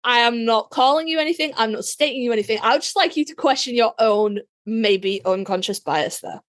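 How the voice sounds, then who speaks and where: A woman's voice: on the high side, a little fast. Chatty, profane woman podcast co-host. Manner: chatty, profane, playfully opinionated. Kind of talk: casual chat.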